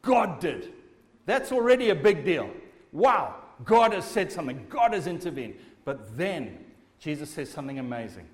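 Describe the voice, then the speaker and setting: A man with a notably high voice delivers an emphatic sermon, stressing his points and putting questions to his listeners. His words ring out with a long reverb, as if in a large hall or church. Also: very animated, moderate pace. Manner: emphatic, asks the audience rhetorical questions. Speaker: preacher.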